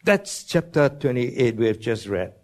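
Man preaching, slow deliberate pace, emphatic bible teaching, asks questions. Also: medium pitch, lively intonation, a little mellow.

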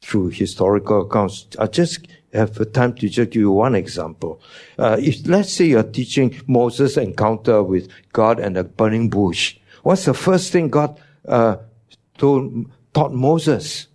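A man's voice: medium pitch, lively intonation, unhurried, a little mellow. A man preaching a teaching sermon, emphatic, his voice jumping up on key words, with non-native English phrasing.

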